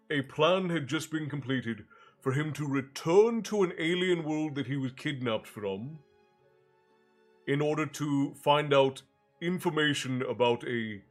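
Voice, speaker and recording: This stream host and storyteller has a mid-range voice, a stuffy nose, and little breath to spare. His talk with the live chat is loose and rambling, with viewers greeted by name and phrases dropped halfway, until he turns to reading a fantasy novel aloud. Soft music sits beneath it all.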